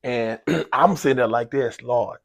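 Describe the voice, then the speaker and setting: A basketball coach tells a long personal story during a sports talk interview, speaking in a mid-range voice at a normal speed. He's an animated storyteller who acts out the dialogue, repeats himself often and says "y'all" a lot.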